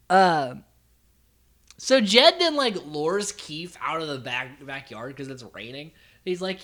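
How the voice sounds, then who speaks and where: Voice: mid-range voice, sing-song, normal speed, sharp tone. A podcast host recapping a reality show in a rambling, chatty way, full of "like" and casual swearing.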